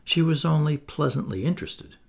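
A man narrating a children's storybook aloud in an expressive, playful way with asides to the listener. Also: on the high side, a little fast, gravelly. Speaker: audiobook reader.

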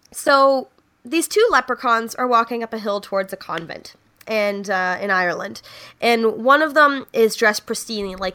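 A woman's voice: mid-range voice, bright, forceful tone, smooth. A young woman hosting a casual comedy podcast, telling jokes with lots of laughs and fillers. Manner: laughs often, many fillers. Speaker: podcast host. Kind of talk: casual joke-telling chat.

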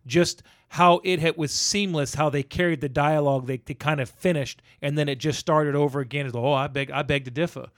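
A man's voice: fairly high pitch, brisk, few pauses, dry recording, studio quality. A man in a casual podcast chat about films, retelling favorite scenes and acting out the lines with energy. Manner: animated storyteller who acts out movie lines. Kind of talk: casual film discussion.

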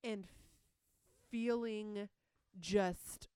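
Smooth-voiced woman podcast co-host. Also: medium pitch, steady tone, extremely slow, dark tone, dry recording. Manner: thoughtful, analytical, reads quotes aloud. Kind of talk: casual chat.

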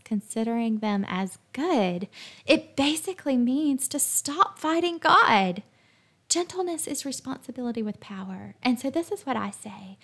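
A woman's voice: a little high, gravelly. A young woman hosting a devotional podcast, talking casually and emphatically and often checking in with "right?". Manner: lively, emphatic, chatty with frequent "right?" and "like". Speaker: faith podcast host.

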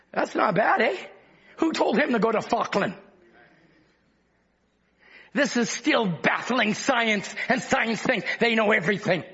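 Fervent high-voiced man preaching. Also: creaky, breathy edge, dull audio. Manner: fervent, often shouting, then dropping low and chatty. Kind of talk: sermon.

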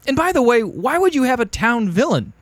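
A man's voice: extremely high pitch, very animated, fairly quick, a crowd in the background. A man co-hosting a podcast, chatting casually and joking, laughing into his own bits. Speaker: podcast co-host. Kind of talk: casual chat.

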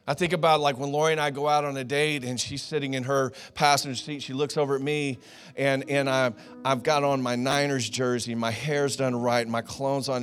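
A middle-aged man preaching a sermon, telling personal stories in a lively, conversational way and calling the congregation "guys". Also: a little high. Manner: storytelling, animated and conversational, addressing the congregation as "guys". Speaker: pastor.

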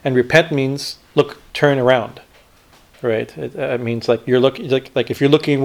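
Gravelly man giving a halting spiritual talk. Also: mid-range voice, fairly even intonation. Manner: halting, many fillers and repeated "right?". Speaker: swami teacher. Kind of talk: spiritual discourse retelling a story.

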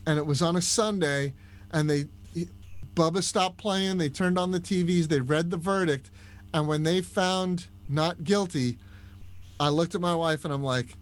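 A man with a Long Island accent, a podcast guest telling stories in a casual, animated chat. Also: on the high side, normal speed. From Long Island, New York. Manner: storytelling, animated, with restarts. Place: Orlando, Florida.

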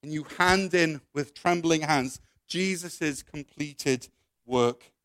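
A man's voice: a little high, slow pace, dry recording, studio quality. A man preaching, telling a story in the second person and then leading a prayer. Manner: storytelling, second person, with soft quoted voices. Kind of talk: sermon illustration and prayer.

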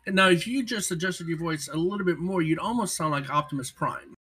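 A man's voice: a little high, a little fast, pushed and bright, breathy edge. A man co-hosting a casual podcast chat, teasing the others and laughing often. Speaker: podcast co-host.

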